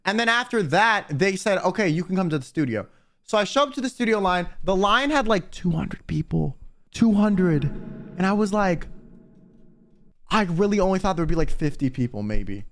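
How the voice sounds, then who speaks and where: A young man from the United States rambles through a casual story for his viewers, full of fillers and restarts and animated quoting. His voice sits high and he speaks at a normal speed.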